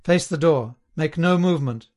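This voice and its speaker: A man voicing a harsh male voice that roars slow, clipped orders. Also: on the high side, darkish tone, lightly acted. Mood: commanding. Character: harsh commanding male voice over a loudspeaker.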